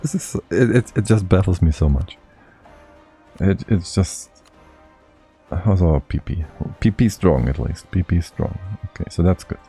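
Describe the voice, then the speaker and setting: A man live-streaming a strategy game, talking his moves through half to himself. His voice sits very low and dark, with a husky edge to it. He mutters and chuckles between thoughts. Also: lively intonation, measured pace, soft background music.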